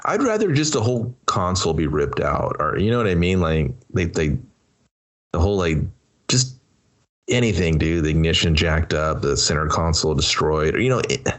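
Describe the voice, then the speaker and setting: A man's voice: deep voice, animated, normal speed. A man co-hosting a movie review podcast, talking in a loose, rambling, laid-back way. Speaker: podcast co-host. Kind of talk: casual movie review chat.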